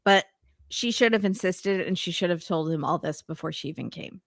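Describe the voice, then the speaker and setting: A woman co-hosting a reality show recap podcast, making blunt, quick asides in casual chat. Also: lowish voice, dry recording, studio quality. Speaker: podcast co-host.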